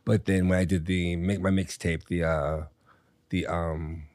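A man with a bass baritone voice, a drag performer telling stories in a sassy, campy way as a podcast guest. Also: flat delivery, a little slow, a little mellow, no room sound. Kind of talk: casual interview chat.

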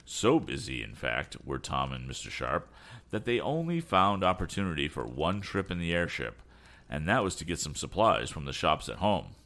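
A man hosting a podcast, reading a storybook aloud in an expressive manner with small slips. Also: very deep voice, moderate pace. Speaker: podcast host and story reader.

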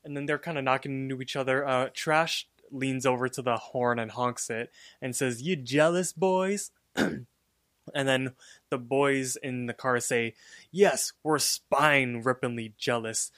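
A man's voice: mid-range voice, little pitch movement, moderate pace, fairly bright tone, no room sound. Laid-back man with a dry close sound. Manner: laid-back, hesitant with fillers. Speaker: podcast co-host. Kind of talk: casual chat.

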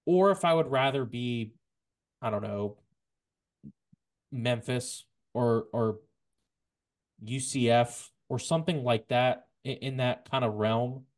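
A man hosting a casual sports podcast, stumbling over repeated words and then rushing ahead in bursts of excitement. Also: mid-range voice. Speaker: podcast host.

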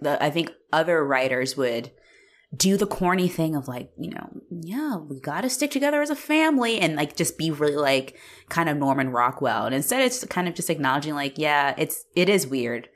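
Low-voiced woman chatting animatedly. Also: moderate pace. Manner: animated, laughing, swears, acts out quotes. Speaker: podcast co-host. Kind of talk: casual movie discussion.

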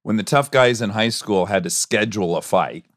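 A man's voice: on the low side, moderate pace, a bit bright, no room sound, studio quality. A man hosting a podcast in loose, joking casual chat. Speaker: podcast host.

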